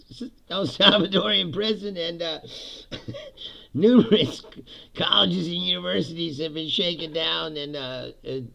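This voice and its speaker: A man with a fairly high, creaky voice runs his own podcast out of a home basement studio. He rants casually about politics, animated and profane, with frequent laughs between lines.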